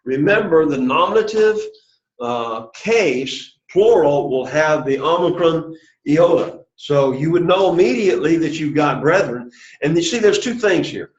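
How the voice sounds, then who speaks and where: A man's voice: fairly high pitch, animated, a little slow. Guy teaching greek in a classroom, patient, drills the class, echoey muffled recording. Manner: patient, drills students, opens with prayer. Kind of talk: classroom lesson. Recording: echoey room, dull lo-fi sound.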